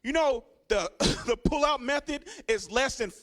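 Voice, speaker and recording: A man's voice: very high voice, lively intonation, a little slow, fairly bright tone. A young man from Richmond, doing a crude, swaggering stand-up set and talking straight to the crowd. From Richmond, California. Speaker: stand-up comedian. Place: comedy club stage.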